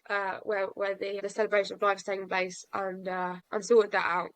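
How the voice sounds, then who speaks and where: A woman's voice: medium pitch, steady tone, normal speed, pushed and bright, no room sound, poor audio. A young woman telling a personal story to a podcast host, frank and self-mocking, laughing through sad memories. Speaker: podcast guest.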